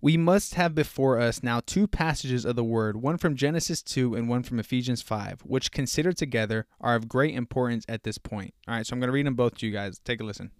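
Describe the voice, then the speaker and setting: With few pauses and a quick pace, the young man behind this casual faith podcast rambles earnestly, leaning on fillers while a bit out of breath. His medium-pitched voice is smooth, and the studio-quality audio has no echo.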